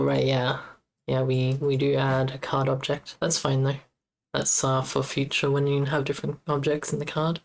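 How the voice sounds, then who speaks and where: A woman streaming as she debugs her game, muttering to herself in a halting, casual way. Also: a bass voice, gravelly. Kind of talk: casual live-stream coding commentary.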